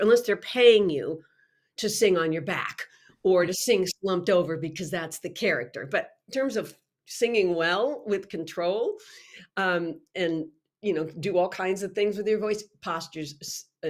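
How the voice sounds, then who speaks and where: A woman teaching singing technique in a live online workshop, chatty and animated with frequent restarts. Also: on the low side.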